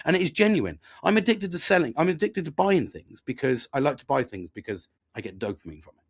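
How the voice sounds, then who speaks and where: Gravelly, sweary middle-aged man. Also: fairly high pitch, sing-song, fast talker, few pauses. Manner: sweary, rambling, self-deprecating. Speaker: podcast host. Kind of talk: candid casual monologue.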